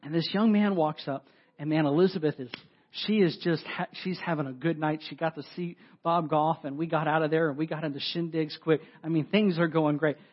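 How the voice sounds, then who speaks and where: A man preaching a sermon, telling a story with lively, self-deprecating asides to the congregation. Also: fairly high pitch, a little fast. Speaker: pastor. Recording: dull lo-fi audio.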